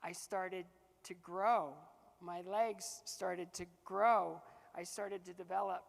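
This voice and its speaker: Male motivational speaker, lively storyteller who laughs easily, in a big reverberant hall. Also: sits high, slow pace, gravelly. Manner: animated, acts out dialogue, laughs often. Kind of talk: keynote storytelling to a live audience.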